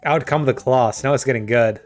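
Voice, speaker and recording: A man's voice: mid-range voice, fairly quick, soft background music. A man giving casual, joking commentary while playing a game, with laughing asides. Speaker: game streamer.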